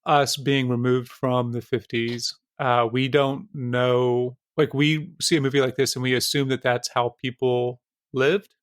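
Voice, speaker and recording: A man's voice: medium pitch, level tone, a little slow, no echo, studio quality. A man co-hosting a film podcast, talking through ideas in a loose, rambling way with lots of fillers. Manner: thoughtful, rambling with many fillers. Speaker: podcast co-host. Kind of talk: casual film discussion.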